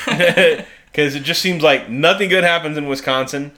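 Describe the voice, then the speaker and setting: A man's voice: fairly high pitch, moderate pace, sharp tone. A man co-hosting a podcast in casual chat, swearing freely and laughing often. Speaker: podcast co-host.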